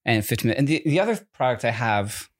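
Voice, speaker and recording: A man co-hosts in a casual, halting way. His delivery is dry and full of restarts as he hesitates over his words. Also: medium pitch, sing-song. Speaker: co-host. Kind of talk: casual chat.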